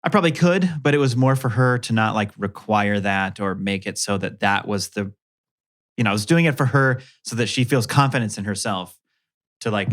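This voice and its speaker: A man in his thirties, a guest podcast co-host, telling a self-deprecating story in a casual, animated way. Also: fairly low pitch, fairly quick.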